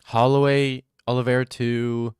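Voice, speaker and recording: A man's voice: mid-range voice, little pitch movement, measured pace, darkish tone, smooth, no echo, studio quality. A young man streaming, chatting casually, joking, laughing and swearing freely.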